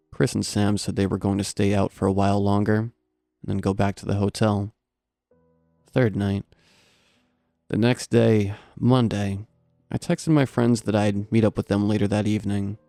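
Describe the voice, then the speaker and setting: Man, horror story narrator, low voice, gravelly fry, dry close recording, soft music behind. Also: no room sound.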